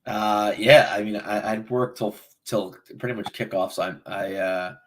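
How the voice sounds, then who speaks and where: A young man co-hosting a fan podcast, retelling a match in a rambling, animated way. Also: on the low side, normal speed. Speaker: podcast co-host. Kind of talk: casual chat.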